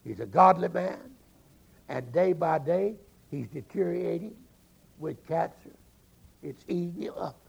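A man telling a sermon story and briefly voicing an indignant churchgoing woman in his own gravelly, husky voice. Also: fairly high pitch, animated, a little slow, heavily acted. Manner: emphatic, listing grievances. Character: indignant churchgoing woman, frustrated with unanswered prayer.

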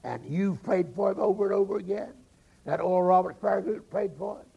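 A man telling a sermon story and briefly voicing an indignant churchgoing woman in his own gravelly, husky voice. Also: high-pitched, brisk, dark tone, highs cut off, exaggerated voice. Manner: emphatic, listing grievances. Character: indignant churchgoing woman, frustrated with unanswered prayer.

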